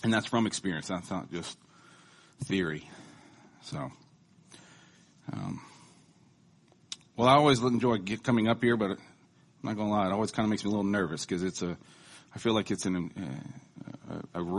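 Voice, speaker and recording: A man's voice: deep voice, husky. A man giving a casual sermon in a conversational, joking, self-deprecating manner. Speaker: lay preacher.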